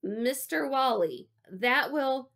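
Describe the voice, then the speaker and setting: A woman's voice: high voice, animated, slow, vocal fry, a bit bright, voice pushed up, exaggerated voice. Storybook casting director, old, weary and impatient, clipped sighing delivery, read by a woman. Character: tired, gruff old male casting director.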